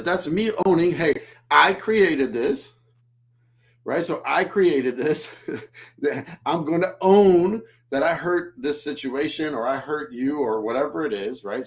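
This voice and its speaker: A man's voice: on the high side, normal speed. Blunt, swearing man coaching on leadership. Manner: blunt and emphatic, swears freely; acts out whiny apologies in a droopy voice. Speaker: leadership podcast host. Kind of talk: casual coaching talk.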